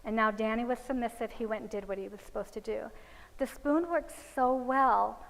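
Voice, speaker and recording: A woman's voice: a little high, normal speed, gravelly, long reverb tail, low-quality recording. A woman giving a religious parenting seminar, telling anecdotes and acting out the voices of the people in them. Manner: storytelling, acts out quoted voices of children and parents. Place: seminar hall.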